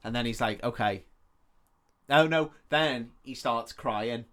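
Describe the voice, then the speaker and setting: A man on a podcast, casually retelling a film plot with swearing and quick voiced-out lines for each character. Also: mid-range voice, fairly bright tone. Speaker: podcast co-host.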